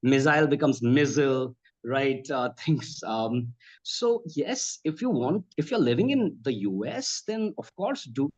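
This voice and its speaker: A man, a spoken trainer answering interview questions in an expressive way. He laughs often and keeps saying ma'am. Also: medium pitch, measured pace, husky, dull audio.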